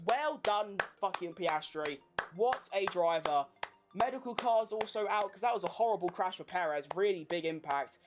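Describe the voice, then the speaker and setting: Brief: woman streamer doing live race commentary, mid-pitched, swears freely, faint music under. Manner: sweary, excitable, emotional. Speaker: streamer hosting a race watchalong.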